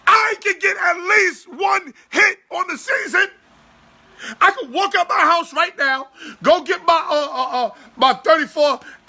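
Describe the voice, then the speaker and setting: A man in his forties hosting a sports podcast, ranting loudly and profanely in exasperation. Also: very high voice. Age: 40s.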